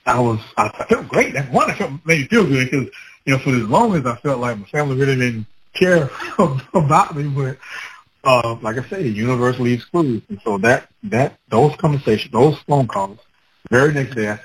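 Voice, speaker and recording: A man with children telling a personal story in a casual, animated way, acting out his own past words with laughter. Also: mid-range voice, moderate pace, a little hiss or hum, low-quality recording. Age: adult with children.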